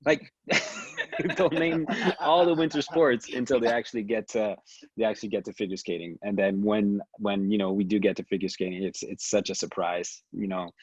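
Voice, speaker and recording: A man from Canada, a figure skater, telling stories in an animated, casual way over a video call, with frequent restarts. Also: on the low side, moderate pace, husky, no echo. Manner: animated storytelling with many restarts and laughs. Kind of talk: casual conversation.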